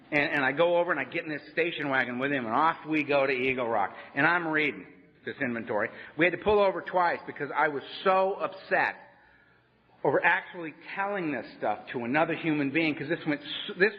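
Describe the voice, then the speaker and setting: Wry storytelling man in echoing hall. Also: on the high side. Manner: storytelling, conversational, wry humor, asks "right?". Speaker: AA speaker. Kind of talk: personal recovery talk to a meeting. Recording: dull lo-fi sound in a reverberant hall.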